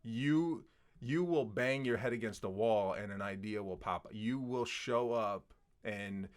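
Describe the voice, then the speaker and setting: Earnest man with a lowish voice. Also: a little slow. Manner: earnest, asks rhetorical questions. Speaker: podcast guest, writer and content creator. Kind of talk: casual conversation.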